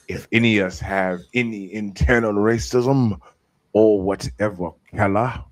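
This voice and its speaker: A man's voice: fairly low pitch, fairly even intonation, unhurried, no room sound, poor audio. A man co-hosting a casual podcast chat, reading a statement aloud in a mocking, theatrical way. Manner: reads quoted text in mocking theatrical voice.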